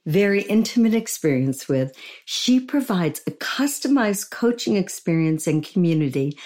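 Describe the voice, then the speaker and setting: A woman's voice: on the low side, warm tone. A woman hosting a podcast interview, talking in a gushing, emotional, chatty way. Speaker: podcast host.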